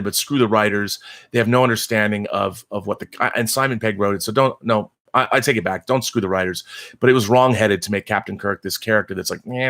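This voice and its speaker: A middle-aged man with a slightly low voice hosts a casual live chat and answers viewers' questions. He talks in an animated, emphatic way, with strong opinions and quick restarts mid-sentence.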